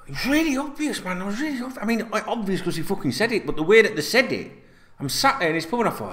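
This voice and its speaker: A middle-aged man rambles through fan chat, swearing freely. His pitch sits a bit high and swings widely. He talks casually to his viewers like an old mate. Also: huge pitch swings, fast talker, fairly bright tone. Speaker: fan channel host.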